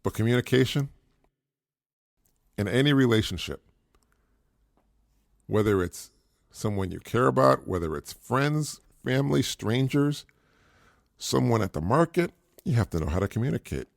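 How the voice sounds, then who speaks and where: A man's voice: mid-range voice, lively intonation, moderate pace, gravelly, long pauses, no room sound, clean studio sound. A middle-aged man hosting a podcast, giving casual parenting advice in an earnest, repetitive way and chuckling at his own points. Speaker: podcast host.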